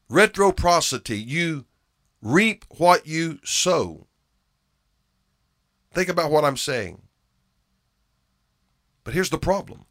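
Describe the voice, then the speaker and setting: Emphatic preacher man, bright voice. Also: fairly high pitch, dry recording, studio quality. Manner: emphatic, repeats phrases, swings from loud to hushed. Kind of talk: sermon.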